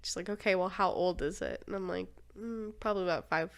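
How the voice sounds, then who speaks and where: A woman's voice: lowish voice, brisk, vocal fry. A young woman hosting a podcast, telling a story in casual chat, laughing often. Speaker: podcast host.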